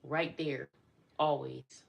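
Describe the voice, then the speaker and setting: A woman's voice: rumbling low, steady tone, takes it slowly, gravelly. A middle-aged woman chatting casually on a live stream, talking to her viewers as y'all.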